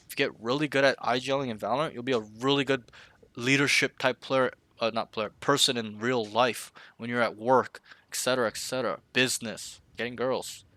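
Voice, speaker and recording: In a casual coaching session, a man walks a student through a match review, speaking bluntly and swearing freely. His medium-pitched voice is bright and forceful, with fairly even intonation and a brisk pace, recorded dry and close with no room sound. He often acts out team callouts to show how they should sound.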